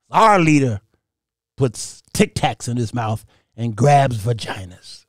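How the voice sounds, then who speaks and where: Man, host, animated preaching, mocking, laughing, dry close sound. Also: medium pitch, measured pace, no room sound. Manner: laughing, mocking, reading scripture aloud. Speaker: host of a Bible commentary show.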